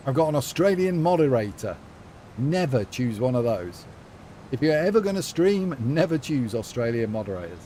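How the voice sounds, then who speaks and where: A man's voice: mid-range voice, very animated, moderate pace, dark tone, slight background noise. Sassy rambling gamer guy. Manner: playful, sassy, rambling with lots of fillers. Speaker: streamer. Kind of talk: casual live-stream chat while gaming.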